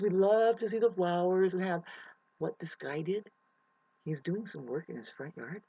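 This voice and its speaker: A husky-voiced vlogger rants to camera outdoors by a mountain creek. The talk rambles, swears freely and runs hot with emotion. The sound is close and dry, with no room echo. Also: medium pitch, moderate pace, mellow, muffled recording. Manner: emotional, profane, restless. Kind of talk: rambling ranting monologue to camera.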